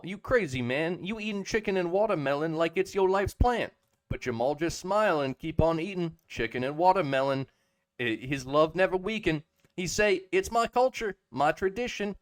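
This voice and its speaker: A man's voice: sits high, dry recording, pitched above the performer's own voice. A man putting on the voice of a brash young male storyteller, reading aloud with emphatic, drawling slang. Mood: sing-song. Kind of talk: dramatic reading of a chatbot text.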